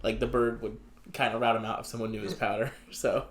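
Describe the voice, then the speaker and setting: A young man co-hosting a casual podcast, animated and full of fillers, acting out little quotes as he talks. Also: on the low side, brisk, a crowd in the background. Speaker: podcast co-host. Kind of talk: casual chat.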